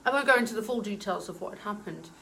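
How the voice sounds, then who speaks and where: A woman's voice: medium pitch, expressive, quick pace, creaky, bright, forceful tone, a little hiss or hum, poor audio. Brief: earnest woman medium, casual storytelling, hesitant and emotional. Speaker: spiritual medium.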